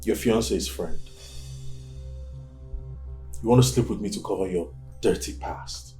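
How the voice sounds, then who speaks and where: Casting: man as contemptuous blackmailer, Nigerian English accent, lowish voice, soft music under. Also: unhurried, close to an everyday voice. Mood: scornful. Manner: contemptuous, accusing. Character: scornful blackmailing young man. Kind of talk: film drama acting. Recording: film soundtrack with music.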